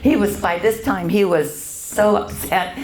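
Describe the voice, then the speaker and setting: An older woman sharing her personal faith testimony at a church event, halting, with many pauses and fillers. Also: mid-range voice, a little mellow, reverberant.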